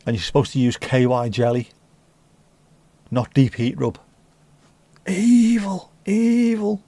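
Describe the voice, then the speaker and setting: A man hosting a relaxed livestream chat in a middle-pitched voice. He riffs in crude, joking banter and swears freely. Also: moderate pace, no room sound. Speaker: livestream host. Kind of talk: casual pub-style livestream chat.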